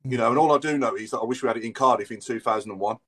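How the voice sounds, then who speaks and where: A man's voice: mid-range voice, rapid-fire, fairly bright tone. A man, chatting about football as a podcast co-host, rambling with lots of fillers. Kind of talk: casual football chat.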